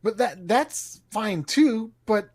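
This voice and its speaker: A man's voice: high voice, takes it slowly, breathy edge, no echo. A man in his thirties, a podcast co-host, telling a story with lots of laughs and acting out the other people in it. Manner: animated storyteller, acts out exchanges, laughs often. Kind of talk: casual chat.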